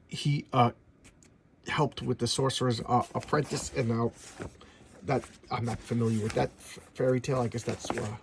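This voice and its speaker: A middle-aged man casually reviewing an old comic book, rambling and animated, acting out bits of dialogue as he goes. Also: mid-range voice, a little hiss or hum.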